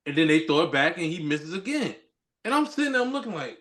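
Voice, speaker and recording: Lively, animated man telling a story. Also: fairly high pitch, fast talker. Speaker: podcast co-host. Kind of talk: casual chat.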